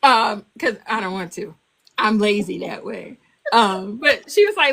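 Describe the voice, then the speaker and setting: An older woman, an author, telling stories on a podcast interview in a casual, animated way, laughing as she goes. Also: measured pace, gravelly. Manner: animated, laughing, acts out quotes in a high child voice. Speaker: author and guest.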